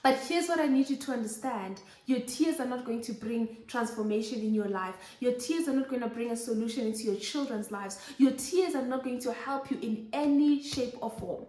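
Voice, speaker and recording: A woman's voice: a little high, normal speed, few pauses, mellow, roomy sound. A young woman preaching a Bible lesson to mothers, urging and repeating her points emphatically. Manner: exhorting, repetitive emphatic preaching. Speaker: host of a Christian motherhood show.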